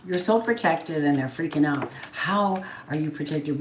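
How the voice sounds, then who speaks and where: A woman's voice: low voice, moderate pace, hardly any pauses. A woman giving a casual tarot card reading, chatty and blunt, swearing now and then. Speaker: tarot reader. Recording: roomy echo, faint noise.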